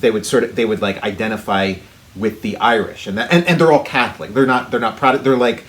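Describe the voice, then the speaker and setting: A man's voice: lowish voice, a little fast, a bit bright. A man co-hosting a casual podcast, rambling through long explanations full of "like" and "you know". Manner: rambling, many fillers and restarts. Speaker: podcast co-host. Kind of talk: casual chat.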